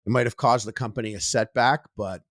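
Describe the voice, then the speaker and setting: A man's voice: mid-range voice, fairly quick, fairly bright tone, no echo, clean studio sound. A man co-hosting a food podcast in casual, jokey banter. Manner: jokey, puts on mock British voices. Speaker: podcast co-host.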